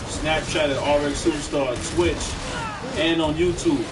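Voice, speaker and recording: Guy hosting a game stream, yelling get him get him, far off mic, lots of noise. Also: on the high side, unhurried. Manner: excited, repetitive cheering and instructions. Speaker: stream host. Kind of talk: hyped game coaching commentary. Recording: distant mic with loud noise.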